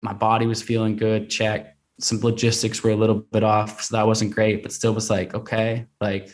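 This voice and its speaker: A man's voice: lowish voice, monotone, normal speed. A man telling a personal story as a podcast guest, conversational with many fillers and restarts. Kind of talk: casual storytelling.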